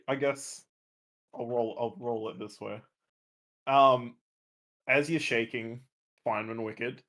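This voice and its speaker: A man playing a tabletop role-playing game, talking casually and hesitating as he searches for words. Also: medium pitch. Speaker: player.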